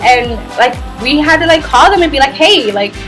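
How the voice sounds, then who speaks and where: A woman's voice: high-pitched, fairly quick, fairly bright tone, soft background music, poor audio. A woman vlogger telling a travel story in a chatty, rambling way, with lots of "like". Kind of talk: storytime vlog.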